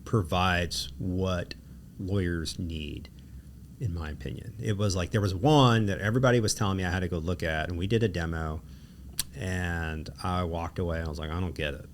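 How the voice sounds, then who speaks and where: A man's voice: low-pitched, normal speed, slight background noise. A man with a Gulf South accent hosting a casual interview, telling stories and acting out quotes. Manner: animated storyteller, acts out quotes. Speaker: podcast host, lawyer.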